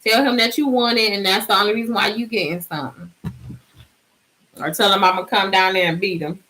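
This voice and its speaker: A woman's voice: mid-range voice, fairly even intonation, fairly quick, pushed and bright, rough recording. A woman hosting a casual live stream, chatty and bubbly, sleepy and singing out little cheers.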